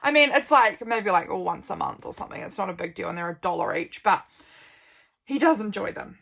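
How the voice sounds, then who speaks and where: A woman's voice: medium pitch, animated, a little fast, gravelly, fairly bright tone. A young woman with a New Zealand accent chatting casually through her journal pages, rambling with lots of ums and easy laughs. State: a little yawny. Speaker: journal vlogger.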